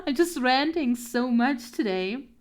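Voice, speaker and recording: A woman's voice: high voice, lively intonation, measured pace. A young woman art streamer chatting casually while she draws, laughing often, flustered and self-deprecating. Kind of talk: casual chat while drawing.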